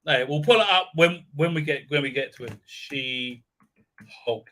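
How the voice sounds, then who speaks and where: A man's voice: medium pitch, animated, a little slow, bright, forceful tone. A man hosting a livestream, giving scornful, sarcastic commentary that halts and restarts often. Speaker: livestream host. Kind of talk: ranting pop-culture commentary.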